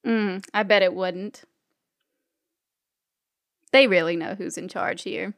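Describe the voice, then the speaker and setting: A woman voicing a gruff, bossy man who claims to be second in command of a western town. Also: mid-range voice, steady tone, slow pace, dry recording, studio quality, pitched below the performer's own voice. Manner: curt, commanding.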